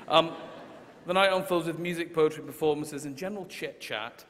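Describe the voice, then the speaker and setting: A man's voice: fairly high pitch, normal speed, a bit bright, a little hiss or hum. Chatty male host in a big hall. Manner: loose and jokey, full of ums. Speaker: event host. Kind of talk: casual stage hosting. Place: large concert hall on stage. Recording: long reverb of a large hall.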